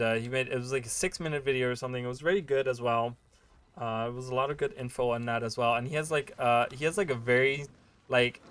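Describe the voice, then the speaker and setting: A man's voice: mid-range voice, fairly bright tone. A man streaming a game and chatting casually, rambling with many fillers and restarts. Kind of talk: casual livestream chat while gaming.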